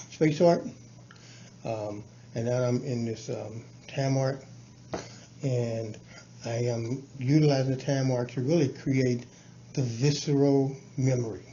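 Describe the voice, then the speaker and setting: A man explaining his teaching plans to a colleague in a halting, casual way, full of fillers and restarts. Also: vocal fry. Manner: halting, many restarts and fillers, breaks into chanted syllables and sung verses. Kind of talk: casual explanatory talk on lesson planning. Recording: dull low-fi with faint background noise.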